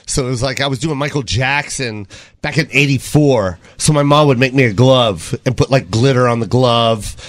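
A man's voice: mid-range voice, dry recording. A middle-aged man, a guest comedian, telling joking stories in talk show banter. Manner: animated, quick to jump into comic voices.

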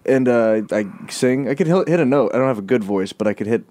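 A man in casual podcast talk, loose and profane, laughing between lines. His pitch sits in a plain middle range. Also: animated, quick pace, warm tone. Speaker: impressionist guest.

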